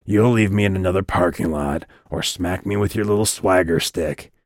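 A male audiobook reader voicing a gruff, cryptic hooded stranger with a sandblasted, gravelly voice and a dry, growling delivery. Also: low-pitched, moderate pace, no room sound, natural voice.

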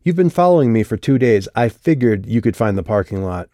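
A man's voice: on the low side, sing-song, fairly quick, warm tone, no echo, studio quality. Man voicing a curt, sneering tough young woman. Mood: defiant. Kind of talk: audiobook character voice.

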